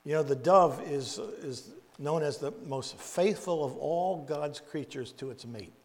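A man preaching in a storytelling way, halting and repeating words, with folksy asides. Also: on the high side, darkish tone. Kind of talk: storytelling Bible teaching. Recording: long echoey reverb.

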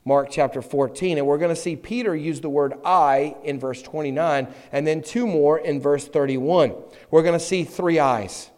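A man preaching a sermon, moving between loud, emphatic passages and quiet, close asides. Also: on the high side, moderate pace. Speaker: pastor. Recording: long hall reverb.

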